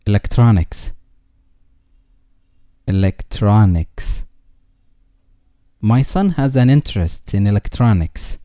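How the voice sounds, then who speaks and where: A man reading English vocabulary words twice each, followed by a slow example sentence. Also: lowish voice, lively intonation, dark tone, no echo, studio quality.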